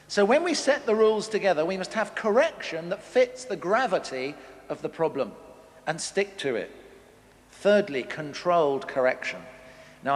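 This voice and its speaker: A middle-aged conference speaker gives a humorous family talk to a live audience in a large hall, animatedly acting out scolding parents with big pitch jumps. The big hall adds a long reverb.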